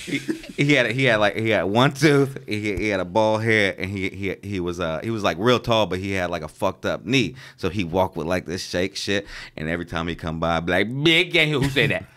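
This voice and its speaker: A young man co-hosting a podcast, telling animated, profane stories in casual chat. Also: sits low, a little fast, hardly any pauses. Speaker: podcast co-host.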